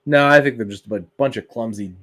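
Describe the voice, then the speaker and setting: A man's voice: medium pitch, fast. A man co-hosting a wrestling podcast, chatting casually and telling family stories with lots of swearing. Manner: swears freely, animated storytelling. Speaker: podcast co-host. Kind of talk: casual chat.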